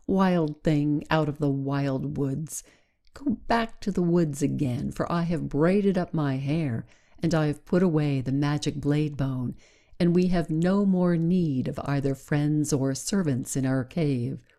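A woman voicing a wise, proud cave-dwelling woman from a fairy tale, speaking in a measured, bargaining way. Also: sits low, mellow. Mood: dismissive.

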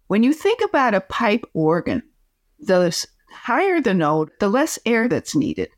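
A woman, a communication coach, giving advice as a podcast guest in an expressive, demonstrative way. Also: medium pitch, measured pace, no echo, studio quality. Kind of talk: podcast interview.

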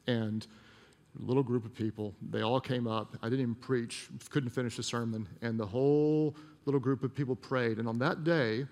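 A man's voice: medium pitch, normal speed, darkish tone. Middle-aged guy pastor preaching, personal story, casual asides, big echoey church hall. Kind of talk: storytelling sermon. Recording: long hall reverb.

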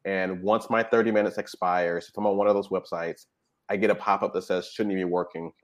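A man with a deep, low voice talks in a relaxed interview. He explains points step by step and keeps checking in with his listener as he goes. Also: a little fast. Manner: explanatory, frequent "right?" and "you know". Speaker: guest expert on technology habits. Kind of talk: conversational interview talk.

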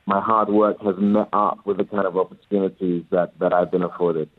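English man, low voice, reflective radio interview guest, muffled lo-fi sound. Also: completely flat delivery, dry recording. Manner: measured, reflective, stammers on restarts. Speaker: actor guest.

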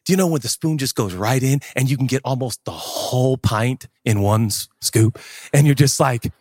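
A man preaching a sermon as pastor, animated and jokey, acting out little dialogues and breaking into sudden shouts. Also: mid-range voice, normal speed, no room sound, studio quality.

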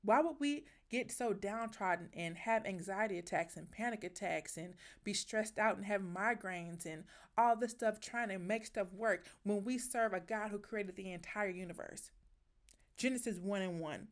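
A woman hosts a faith devotional podcast in a heartfelt, preacherly voice of ordinary pitch. She stresses her words and sounds moved as she encourages her listeners. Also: normal speed. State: emotional. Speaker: podcast host.

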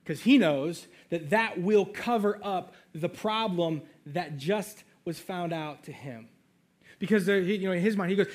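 High-voiced man preaching casually. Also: a little slow. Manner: casual, conversational preaching with asides to the congregation. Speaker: pastor. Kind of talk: sermon.

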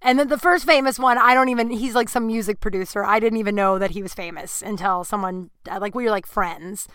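A woman podcast host spins frank, rambling stories, leaning on "like" and poking fun at herself. Her voice is bright and ringing, with a smooth, crisp clarity. The sound is close and dry, with no room around it. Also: medium pitch, brisk, no echo. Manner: crude, self-mocking humor. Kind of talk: candid storytelling chat.

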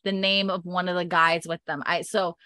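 A woman's voice: on the low side, little pitch movement, moderate pace, pushed and bright, no room sound, studio quality. A woman casually recapping a story as podcast host, chatty and full of fillers, laughing often.

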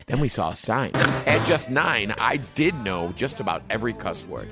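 A man's voice: on the low side, sing-song, normal speed, loud music behind the voice. A man co-hosting a podcast, chatting casually and crudely, often laughing and breaking into silly bits. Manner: jokey, crude, bursts into laughs and silly singing. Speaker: podcast co-host. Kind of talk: casual comedic chat.

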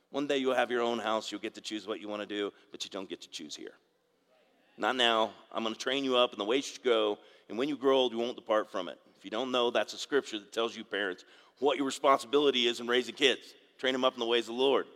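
A man's voice: fairly low pitch, a little fast, fairly bright tone. Man preaching in a reverberant hall. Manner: conversational preaching with asides and audience call-outs. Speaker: pastor. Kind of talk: sermon.

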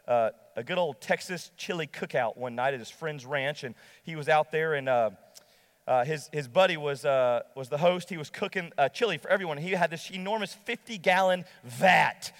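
Man, pastor, sermon, very high pitch, emphatic, long church reverb. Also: a bit bright. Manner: emphatic preaching, slows for key lines.

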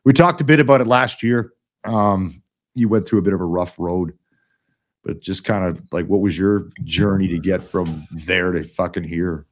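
A man's voice: deep voice, fairly even intonation, moderate pace. A middle-aged man hosting a casual podcast, blunt and rambling, swearing often. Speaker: podcast host.

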